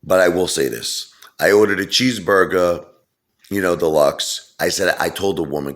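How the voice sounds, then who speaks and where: A middle-aged man rambles through a casual story in an extremely deep voice. He digresses constantly, padding his talk with fillers and asides. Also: normal speed, fairly bright tone. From Brooklyn, New York. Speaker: vlogger.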